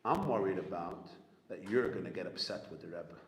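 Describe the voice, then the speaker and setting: A rabbi speaks at a gathering, telling stories in a deep, slightly fast voice, animated and repetitive as he acts out the people he quotes. The hall is echoey with long reverb and faint room noise.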